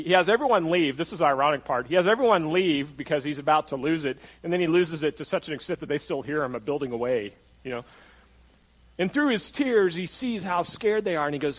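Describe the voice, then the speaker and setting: A man's voice: a little high, low-quality recording. A man preaching a sermon in a conversational way, repeating his phrases for emphasis. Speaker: pastor.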